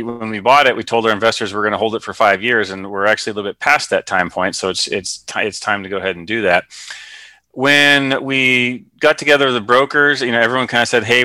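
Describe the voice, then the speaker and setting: A man's voice: mid-range voice, sharp tone, clear, resonant tone, no room sound. A man guesting on an interview podcast, explaining things through plain analogies with frequent fillers. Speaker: guest, real estate investor. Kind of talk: conversational interview.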